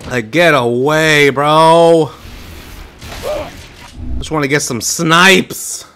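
A young man streaming a shooter game, talking casually and trash-talking loudly, swearing, with sudden shouted outbursts. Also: on the high side, very slow, slight background noise. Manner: loud, excitable trash talk, swearing, bursts of shouting. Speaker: gaming streamer. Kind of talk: casual gameplay commentary.

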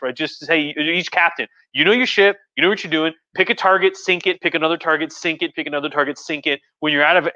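A slightly high-voiced man talks history to his livestream viewers with real enthusiasm. His tone is bright and pushing, and he keeps breaking off to restart his sentences. The audio comes through a bit dull and muffled. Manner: rambling and enthusiastic, many restarts. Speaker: history professor hosting a livestream. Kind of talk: casual lecture on a live stream.

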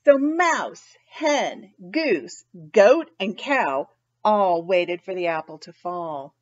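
Woman, children's story reader, expressive, asks listeners questions, very lively pitch, slow pace, muffled lo-fi sound. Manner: expressive, engaging asides and questions to young listeners. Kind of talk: storytime read-aloud.

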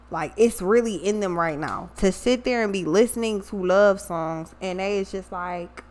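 Blunt, profane woman reading tarot. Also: a little high. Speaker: tarot reader. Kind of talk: casual tarot reading vlog.

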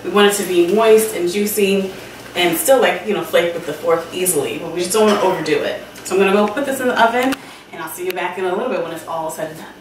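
A woman's voice: lowish voice, fast talker, background noise. A woman hosting a home cooking show, chatting directly to her viewers as she cooks. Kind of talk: casual cooking demonstration. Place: home kitchen. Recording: roomy kitchen sound, mic at a distance.

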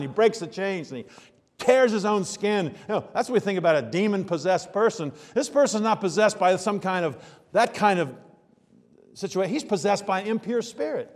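Conversational pastor in a reverberant church. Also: male voice, high-pitched, expressive, normal speed. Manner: conversational preaching, swinging between hushed asides and loud emphasis. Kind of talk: sermon. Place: church sanctuary.

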